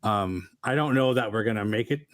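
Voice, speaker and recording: A man's voice: lowish voice, fairly quick, fairly bright tone, no echo. A man hosting a small channel, chatting easily with plenty of fillers. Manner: easygoing, filler-heavy. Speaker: channel host. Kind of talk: casual chat.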